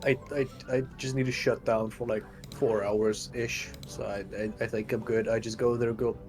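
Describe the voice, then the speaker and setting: A man's voice: on the low side, level tone, normal speed, a little mellow, faint music behind. A man playing a tabletop game casually, joking with stammered restarts. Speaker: player.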